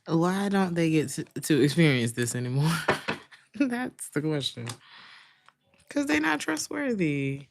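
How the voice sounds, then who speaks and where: A woman's voice: deep voice, sing-song, unhurried, gravelly, pauses often. A woman giving a casual tarot reading, chatting with her viewers in loose, slangy speech and laughing often. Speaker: tarot reader.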